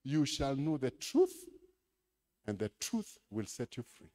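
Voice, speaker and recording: A Kenyan man preaching a sermon as pastor, switching between English and Swahili, dropping low to tell a story and then rising to loud exclamations. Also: very animated, slow.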